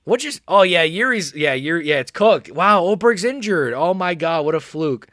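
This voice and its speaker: A young man hosting a live fight watch-along stream, reacting casually and swinging between nervous mumbling and excited shouting. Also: a little high, moderate pace, dry recording, clean studio sound.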